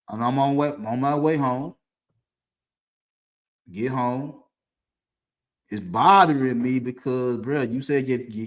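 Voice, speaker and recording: A man hosting a talk stream, telling a personal story in a loose, rambling way with restarts, from a dim room. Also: fairly high pitch. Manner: loose, conversational, with frequent restarts and laughs. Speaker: podcast host. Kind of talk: casual storytelling to camera. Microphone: streaming setup mic.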